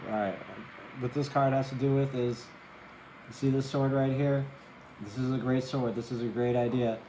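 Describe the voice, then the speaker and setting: A man's voice: medium pitch, steady tone, moderate pace, echoey room, background noise. A man giving a casual tarot reading to camera, chatty, often asking "right?" and apologizing for cursing. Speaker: tarot reader.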